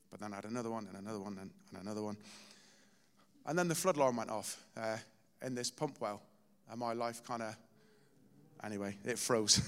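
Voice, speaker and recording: A man delivers a relaxed, conversational sermon in a church, weaving personal anecdotes with light self-deprecating humor. His voice sits at an ordinary middle pitch and carries a long hall reverb. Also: clear, resonant tone. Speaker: preacher.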